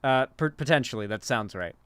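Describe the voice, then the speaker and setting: A man's voice: medium pitch, lively intonation, a little fast, a bit bright, clear, resonant tone, no room sound. A young man hosting a casual live commentary stream, loose and rambling, swearing casually and tagging his lines with questions.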